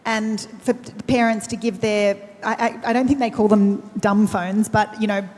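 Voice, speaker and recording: Her mid-range voice, darkish in tone, keeps fairly even intonation at a moderate pace. She is an Australian-accented panelist speaking earnestly and personally, with frequent restarts, in a conversational talk echoing with the long reverb of a large event hall.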